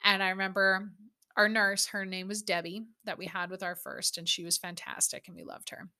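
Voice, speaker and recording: A woman's voice: medium pitch, flat delivery, normal speed, bright, forceful tone. A woman telling her own birth story in a casual, candid way, chatty and swearing freely.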